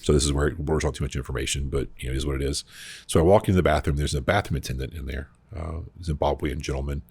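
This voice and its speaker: A man co-hosting a faith podcast, telling travel stories in an animated, rambling way. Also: rumbling low, very fast, creaky, breathy edge, no room sound. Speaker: podcast co-host. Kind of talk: casual storytelling chat.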